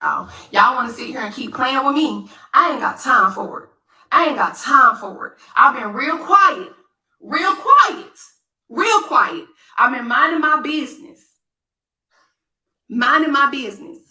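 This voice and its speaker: A woman's voice: high-pitched, expressive, a little slow, pushed and bright. A woman vlogger talking straight to camera, emphatic and repeating phrases for effect. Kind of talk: direct-to-camera rant. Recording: echoey room, distant mic.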